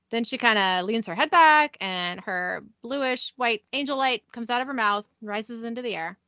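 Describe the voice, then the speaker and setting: A young woman hosting a podcast, casually recapping a TV episode from her notes, giggly and brisk. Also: fairly high pitch, pushed and bright, no room sound, muffled recording. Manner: giggly, reads scene descriptions briskly.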